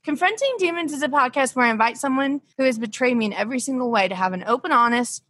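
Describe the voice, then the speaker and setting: A woman's voice: high voice, quick pace, fairly bright tone, no echo. A young woman hosting a comedy podcast over a remote call, scolding and ditzy, often cracking herself up. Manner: ditzy, scolding, breaks into laughs. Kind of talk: improvised comedy bit.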